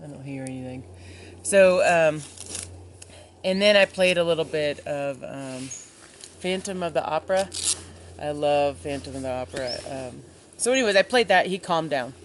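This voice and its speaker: A woman's voice: sits low, animated, moderate pace, long pauses, slight background noise. A woman backpacking alone, telling a story to camera in a casual, chatty way with many ums, outdoors at a forest campsite. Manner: chatty, many ums, acts out voices in retelling. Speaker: solo backpacking vlogger.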